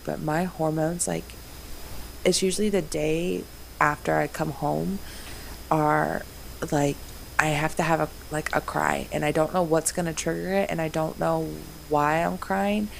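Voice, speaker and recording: Young woman, casual chat, low gravelly voice, animated storytelling, faint background noise. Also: a little slow, rough recording. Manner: animated storyteller, acts out quotes in a higher voice. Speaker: mother of four sharing stories.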